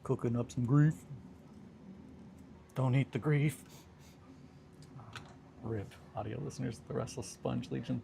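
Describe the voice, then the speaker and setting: A man's voice: mid-range voice, fairly even intonation, a little slow, gravelly, long pauses, warm tone, slight background noise. A young man casually chatting with viewers on a livestream while he works on a hobby project, joking around and reading chat aloud. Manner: laid-back, joking, reads chat aloud.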